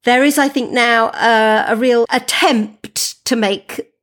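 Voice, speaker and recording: A woman guest on a podcast, a freelance tech journalist, talking in a measured, slightly hesitant way. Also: fairly high pitch, steady tone, a bit bright. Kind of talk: casual chat.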